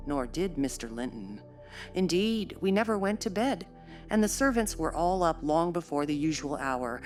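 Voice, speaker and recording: A woman narrating a classic novel in a measured, steady storytelling voice. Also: deep voice. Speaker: audiobook narrator.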